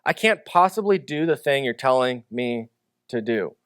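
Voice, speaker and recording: A man's voice: mid-range voice, animated, normal speed, a bit bright, dry recording, studio quality. A male pastor preaching a sermon in a conversational way, with joking asides.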